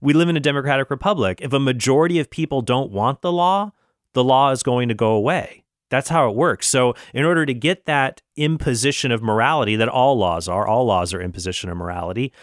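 Brief: male podcast host, earnest and reasoning, average pitch, dry close sound, frequent restarts. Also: brisk, dry recording. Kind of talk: solo podcast commentary.

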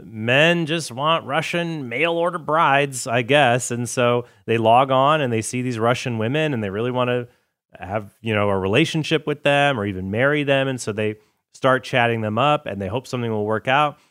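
A man's voice: mid-range voice, a little fast, a bit bright, smooth, dry recording, clean studio sound. A man hosting a show, talking casually with asides and brief mock voices. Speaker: podcast host. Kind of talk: casual commentary.

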